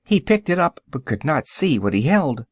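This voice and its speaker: A man narrating a children's audiobook with expressive storytelling. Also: on the high side, normal speed, no room sound, clean studio sound.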